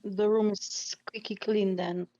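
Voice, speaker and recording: A woman's voice: medium pitch, level tone, slow, dark tone. A woman playing a tabletop game, talking casually and tentatively with "like" fillers. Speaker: player. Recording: dull lo-fi mic.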